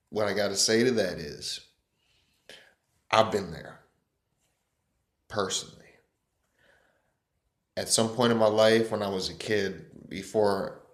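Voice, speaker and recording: Lower-voiced man ranting casually. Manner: rambling, profane, loud opening hype. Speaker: vlogger. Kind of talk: casual rant. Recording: echoey room.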